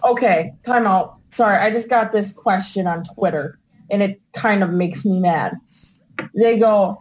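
A woman's voice: mid-range voice, a little slow, darkish tone, rough recording. A woman co-hosting a casual wrestling podcast, backing up her partner with frank, profane remarks. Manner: agreeable, profane, backs up her co-host. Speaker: podcast co-host.

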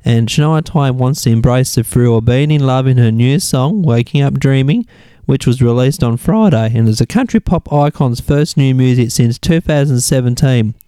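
A man's voice: mid-range voice, normal speed, warm tone, smooth, dry recording. A man with an Australian accent hosting a casual radio music show, rambling and thinking aloud as he looks things up between songs. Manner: rambling, thinks aloud while searching online. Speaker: radio host.

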